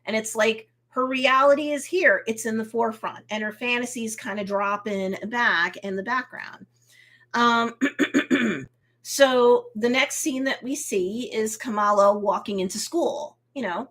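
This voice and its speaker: A woman hosting a casual live review of a TV episode, recapping scenes in a lively way, acting out the characters' reactions, and slipping into motherly advice. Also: on the high side. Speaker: host and TV reviewer.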